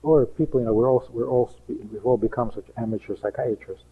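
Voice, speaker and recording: A male rabbi with a husky, mid-range voice teaches about relationships, speaking a little fast with few pauses. He leans on emphatic rhetorical questions and slips into different voices when quoting people. The sound is narrow and tinny, like it's coming through a phone line.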